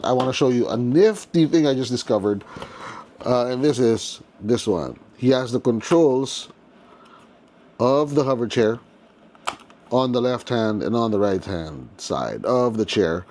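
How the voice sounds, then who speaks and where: A man's voice: medium pitch, lively intonation, a little slow, darkish tone, a little hiss or hum. A man hosting a casual toy unboxing, chatty and playful with jokes as he goes. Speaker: toy collector host.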